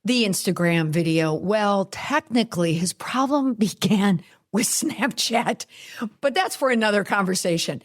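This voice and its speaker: A middle-aged woman hosting a commentary podcast, talking in a wry, chatty way with quick asides. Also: mid-range voice, animated. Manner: wry, chatty, laughs at her own asides. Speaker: podcast host.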